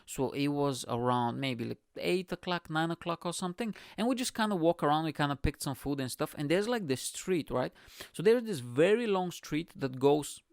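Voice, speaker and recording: A man from Bulgaria with a Bulgarian accent, hosting his own show and telling a profane, animated story in casual chat. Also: a little high, normal speed, vocal fry, clear, resonant tone, dry recording, clean studio sound. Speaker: podcast host.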